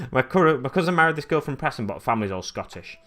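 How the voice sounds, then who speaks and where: A man's voice: on the high side, big pitch swings, brisk, fairly bright tone. A young man with a Lancashire accent, chatting casually to viewers on a live stream and often correcting himself as he rambles. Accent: Lancashire English. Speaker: live-stream host painting miniatures.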